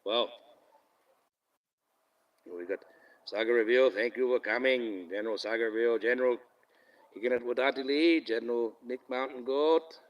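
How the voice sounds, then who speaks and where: A man's voice: mid-range voice, moderate pace, long pauses, recorded from a distance, lo-fi sound. A man hosting a casual live stream into his phone, rambling, swearing freely and laughing often. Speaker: livestream host. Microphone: phone camera.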